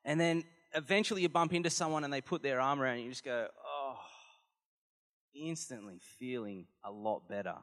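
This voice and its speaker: A man's voice: medium pitch, fast, few pauses, fairly bright tone, long reverb tail. A man giving a sermon as a pastor, earnest and conversational, telling stories to the congregation.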